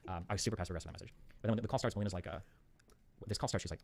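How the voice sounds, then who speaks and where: A man's voice: low-pitched, steady tone, gravelly, darkish tone. A man in a casual monologue, recounting an argument and acting out both sides, with lots of "like" and "um.". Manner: rapid rambling retelling, acting out both sides, full of "like" and "um".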